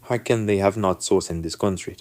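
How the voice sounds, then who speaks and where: A man's voice: low-pitched, fairly quick, a little mellow, no room sound, lightly acted. A man quoting a stubborn, insistent father. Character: stubborn father set on his fries and sauce.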